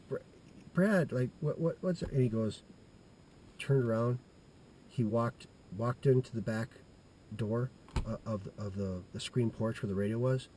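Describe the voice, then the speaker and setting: A middle-aged man telling a childhood anecdote in a halting, rambling way, full of restarts and fillers. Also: mid-range voice, dark tone, slight background noise. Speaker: storyteller.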